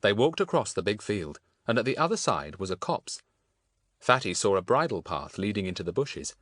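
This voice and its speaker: Lively-voiced male audiobook narrator. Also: lowish voice, dry recording. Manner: measured storytelling with lively intonation. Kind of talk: scripted narration of a children's book.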